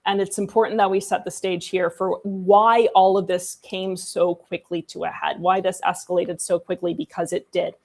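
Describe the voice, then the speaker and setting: A woman's voice: fairly low pitch, flat delivery, normal speed, vocal fry, few pauses, darkish tone. A woman co-hosting a casual history discussion, chatty and irreverent, with sarcastic asides. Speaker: co-host.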